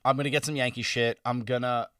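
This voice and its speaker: A man's voice: medium pitch, fast talker, clear, resonant tone, dry recording, studio quality, distant mic. A young man in his twenties, a podcast co-host, telling stories with lots of swearing in casual chat. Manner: animated storytelling, swears a lot.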